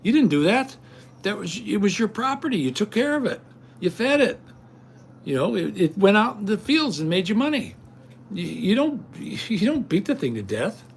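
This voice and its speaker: A man's voice: high voice, big pitch swings, moderate pace, creaky, slight background noise. An older man hosting a livestream, ranting indignantly and rambling straight at his viewers. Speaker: livestream host. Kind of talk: casual rant to viewers.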